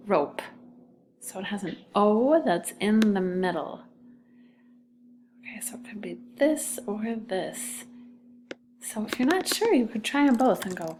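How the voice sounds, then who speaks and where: A woman's voice: mid-range voice, expressive, a little slow, long pauses, darkish tone, a little hiss or hum. A woman teacher giving a phonics lesson to second graders, patient and sounding out letters and syllables.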